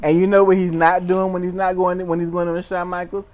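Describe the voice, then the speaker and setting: A woman's voice: on the low side, flat delivery, fairly quick, darkish tone. A woman co-hosting a casual wrestling recap, blunt and wry, who makes fun of the wrestlers and their moves. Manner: wry, blunt, mocking wrestlers in put-on voices. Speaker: podcast co-host.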